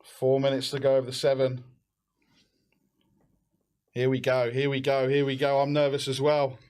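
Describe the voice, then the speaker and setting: A young man hosting a live football watch-along, excitable and shouting encouragement. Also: mid-range voice, normal speed, clean tone.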